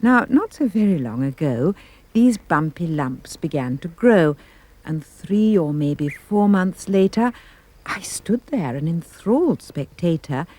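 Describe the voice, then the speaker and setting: A woman giving a playful, expressive reading of comic rhyming verse. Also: unhurried. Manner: animated, playful storytelling with big pitch leaps. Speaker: storyteller.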